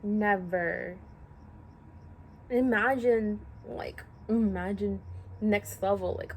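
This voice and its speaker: A young woman talking to camera in a personal vlog, halting and full of fillers, close to tears. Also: medium pitch, vocal fry. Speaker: vlogger. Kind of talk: emotional personal vlog talk. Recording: faint background noise.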